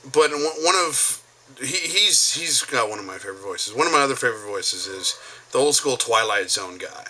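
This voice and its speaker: Animated, bright-voiced male vlogger. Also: medium pitch, normal speed, a little hiss or hum. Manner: animated, jumps between impressions. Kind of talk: casual storytelling monologue.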